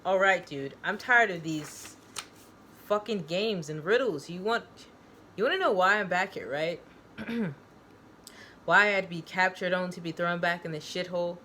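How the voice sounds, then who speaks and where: A brash young male patient of a psych ward, cocky and full of slang, as a woman reads him aloud from her own novel. The voice sits fairly low and stays close to her everyday tone. A faint hiss of noise runs underneath. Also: moderate pace, bright, forceful tone. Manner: cocky, slangy, calls people dude and man.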